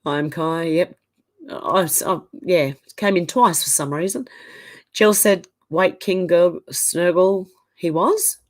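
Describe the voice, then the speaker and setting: A woman's voice: lowish voice, takes it slowly. Casual Australian woman reading live chat. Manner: reads out chat comments and reacts conversationally. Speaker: livestream host reading viewer comments.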